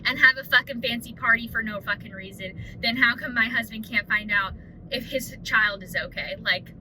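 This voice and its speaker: A young woman vlogs in a candid, rambling way, dropping swear words and plenty of fillers. Her voice sits fairly high. Steady noise runs behind her. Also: moderate pace. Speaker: vlogger. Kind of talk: casual chat. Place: home at night.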